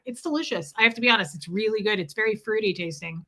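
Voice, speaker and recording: Her voice on the high side, this young woman talks fast with a bright, forceful tone. She's a livestream host from the Midwest, chatting loosely in a Midwestern American accent and responding to comments from viewers.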